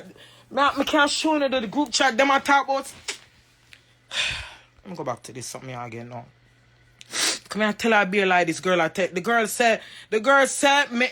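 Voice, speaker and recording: A woman's voice: medium pitch, a bit bright. A Jamaican woman in an emotional, crying rant on a livestream, emphatic and repetitive, raising her voice at times. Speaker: social media personality.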